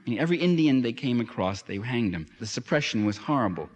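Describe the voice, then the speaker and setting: A man's voice: medium pitch, expressive, fast, husky. A man giving an impassioned public lecture, emphatic, with sardonic asides and fervent peaks. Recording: long hall reverb.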